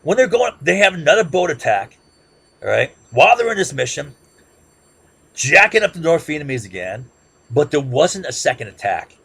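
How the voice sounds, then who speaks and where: A man's voice: fairly high pitch, very animated, normal speed, creaky, pushed and bright, slightly rough. A man giving an impassioned, informal history lecture, emphatic and rambling, who keeps asking "right?". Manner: rambling with frequent restarts and filler. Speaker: political commentator.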